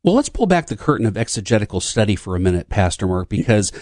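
A man's voice: lowish voice, very animated, quick pace, a little mellow, no echo, clean studio sound. A man co-hosting a podcast, putting long probing questions to a pastor and adding short agreements while the pastor talks. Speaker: co-host.

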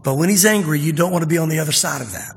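A man preaching a sermon as pastor, chatty and plain, slowing down to read scripture with emphasis. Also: fairly high pitch, vocal fry, slightly rough. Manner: conversational preaching, reads scripture slowly and with emphasis. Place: church sanctuary. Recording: long reverb of a church hall.

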